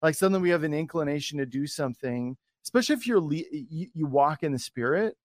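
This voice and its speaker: A man's voice: a little high, animated, fast, a little mellow, no room sound, studio quality. A man hosting a podcast, telling a personal story in a loose, rambling way with many restarts. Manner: rambling, full of restarts and fillers. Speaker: podcast host.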